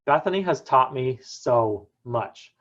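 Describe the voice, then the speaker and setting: A young man giving a prepared personal talk, telling his story earnestly with dramatic pauses. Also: mid-range voice, lively intonation, fairly bright tone, muffled recording. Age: young adult. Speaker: student speaker.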